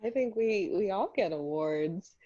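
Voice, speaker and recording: A woman from the United States co-hosting a podcast, chatting casually and slowly with a relaxed, hesitant manner. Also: medium pitch. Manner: slow, relaxed, hesitant with fillers. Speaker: podcast co-host. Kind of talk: casual chat. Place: home recording. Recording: muffled lo-fi mic.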